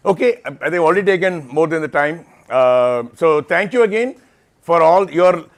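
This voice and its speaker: A man's voice: on the high side, lively intonation, normal speed. A man, giving an informal talk to interns at an onboarding session, explaining things patiently and often checking in with "right?". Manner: explanatory, frequent "right?" tag questions. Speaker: program lead addressing interns. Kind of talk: informal presentation with Q&A. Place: auditorium or lecture hall.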